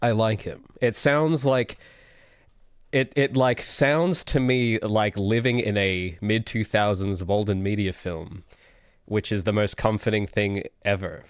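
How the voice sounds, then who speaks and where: Male streamer, lowish voice, dry close sound, rambling self-mocking banter. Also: fairly even intonation, a little slow, clean tone, no echo. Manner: joking, rambling, self-deprecating. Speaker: indie game developer streaming. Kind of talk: casual livestream chat.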